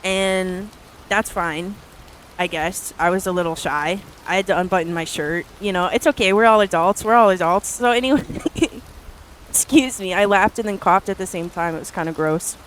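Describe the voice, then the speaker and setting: A woman's voice: on the low side, moderate pace, slight background noise. A woman streamer chatting casually to her live viewers, rambling through stories with lots of filler words and casual swearing. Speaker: art streamer.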